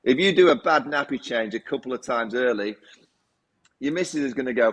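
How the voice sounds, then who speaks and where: A man talking as a cricket pundit, halting with fillers and dry humor. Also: mid-range voice, expressive, fairly bright tone. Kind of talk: casual chat.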